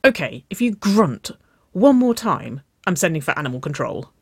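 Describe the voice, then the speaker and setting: A reader voicing an excitable young woman, a bossy, teasing older sister, with loud, squealing exclamations. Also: mid-range voice, takes it slowly, husky, no echo, clean studio sound, voice pushed up, exaggerated voice. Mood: excited.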